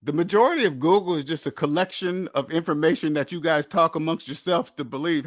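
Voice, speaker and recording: Host, male, slightly high voice, blunt lecturing delivery, dry close recording. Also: fairly quick, hardly any pauses, no echo. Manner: blunt, lecturing, repeats points for emphasis. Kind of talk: casual monologue.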